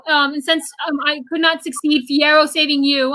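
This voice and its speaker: Bright, fast-talking excited young woman. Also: high voice, no room sound, low-quality recording. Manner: fast, excited, stumbling over words. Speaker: guest, theater fan. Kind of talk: excited livestream chat.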